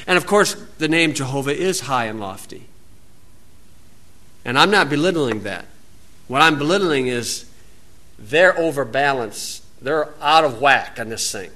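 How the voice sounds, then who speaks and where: A man's voice: mid-range voice, expressive, unhurried, pauses often, pushed and bright. A man with an American accent giving an informal, folksy Bible teaching outdoors, wandering into asides and rising to emphatic preaching.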